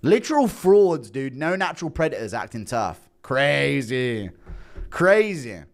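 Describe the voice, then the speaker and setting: A young man hosting a livestream, chatting casually and swinging between loud bursts and low mumbles. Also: sing-song, a little slow. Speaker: livestream host.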